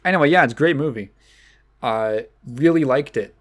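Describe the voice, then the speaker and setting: A man's voice: medium pitch, moderate pace, a bit bright. A man hosting a casual solo podcast, rambling along with many fillers and restarts. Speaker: podcast host.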